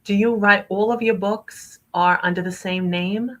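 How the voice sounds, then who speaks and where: A woman's voice: mid-range voice, steady tone. Woman hosting a chat, asks questions, lots of oh wow and nice. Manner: encouraging, quick interjections. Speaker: host. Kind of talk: casual interview chat.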